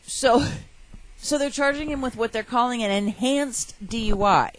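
A woman's voice: a little high, moderate pace, rough recording. A woman co-hosting a casual talk show, reading news stories in a wry, matter-of-fact way. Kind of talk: casual podcast chat.

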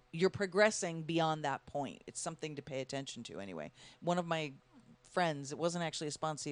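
Woman telling a story with laughter. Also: sits low. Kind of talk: casual recovery conversation.

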